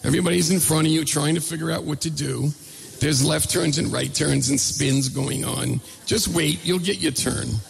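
A man voicing a calm adult male race coach who guides the driver by voice and reassures him. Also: fairly high pitch, normal speed, creaky. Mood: explaining. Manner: instructing, reassuring. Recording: long reverb hall.

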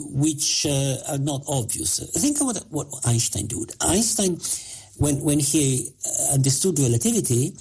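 Husky-voiced man explaining with many pauses. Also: fairly high pitch, warm tone. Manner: halting, many fillers, explanatory. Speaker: physicist guest. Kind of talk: interview answers.

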